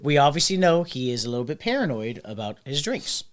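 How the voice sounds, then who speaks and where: A man's voice: mid-range voice, sing-song, a little fast. A man co-hosting a podcast, telling stories in loose, profane casual chat and mimicking the people in them. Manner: loose storytelling, swears a lot, mimics people. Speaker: podcast co-host.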